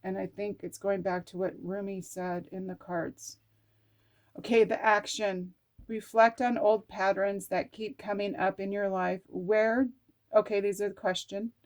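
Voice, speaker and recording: Woman, middle-aged, slow unhurried speech, oracle card reading vlog, self-talking, earnest. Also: mid-range voice, little pitch movement. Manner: chatty, talks to herself while reading card texts aloud; earnest, swears casually.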